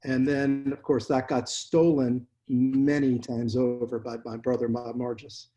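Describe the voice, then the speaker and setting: A man's voice: mid-range voice, unhurried. A man, a dentist, telling blunt stories from his practice in a casual interview. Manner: blunt, animated storyteller. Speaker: dentist guest.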